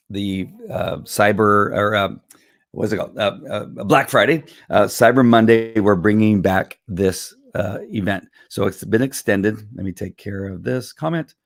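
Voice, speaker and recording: Selling wellness products on a casual live stream, a Southern California man speaks in a low, hoarse voice that's giving out on him. Recorded on a computer or phone camera with no room sound, his rambling talk is packed with fillers and restarts, and he keeps clearing his throat.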